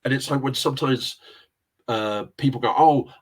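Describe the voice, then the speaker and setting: A middle-aged Englishman with a mid-range, fairly bright voice talks at a moderate pace. He's a guest in a casual interview, chatting loosely, telling rambling anecdotes and chuckling often.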